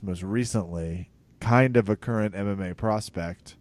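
A man co-hosting a podcast in casual comedic chat, joking and animated, with sudden loud emphasis. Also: lowish voice, moderate pace, no echo. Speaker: podcast co-host.

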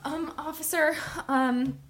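A woman's voice: sits high, fairly even intonation, takes it slowly, over loud music. A woman improvising as a flustered, stammering robbery victim who is speaking to a police officer. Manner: hesitant, stammering. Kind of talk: improvised scene.

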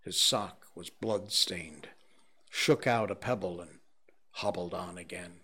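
A man reading a novel aloud as an audiobook narrator, in a slow, measured and grave way. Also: low voice, bright, forceful tone, slightly rough. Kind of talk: scripted narration.

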